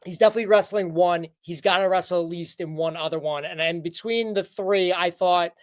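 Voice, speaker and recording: A man's voice: high-pitched, fairly quick, dry recording. A man co-hosting a wrestling recap podcast, chatting casually and rambling with frequent restarts. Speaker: podcast co-host.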